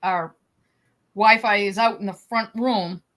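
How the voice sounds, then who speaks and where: A woman's voice: mid-range voice, fairly even intonation, slow, a bit bright. A woman hosting a casual livestream chat from home, chatty, often laughing and trailing off mid-sentence. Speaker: livestream host.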